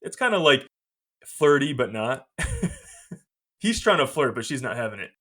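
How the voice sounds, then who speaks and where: A man's voice: medium pitch, measured pace. Laughing man recapping a movie. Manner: animated, laughs often while retelling. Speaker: podcast host.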